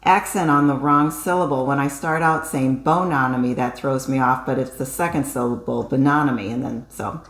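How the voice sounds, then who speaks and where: A woman's voice: extremely low pitch, moderate pace, few pauses. A woman co-hosting a casual craft chat, talkative, with many fillers and restarts. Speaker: co-host. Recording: echoey room.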